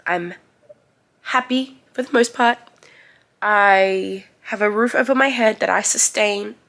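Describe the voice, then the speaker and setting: A woman's voice: mid-range voice, slow, vocal fry, a bit bright. A young woman vlogger talking candidly to the camera, crying through an emotional personal update. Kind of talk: personal vlog confession.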